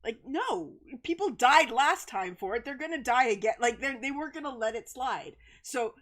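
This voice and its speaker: A woman's voice: high-pitched, normal speed. A middle-aged woman chatting casually on a livestream, telling a story with lots of laughter and swearing. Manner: animated storytelling, laughs often, swears freely.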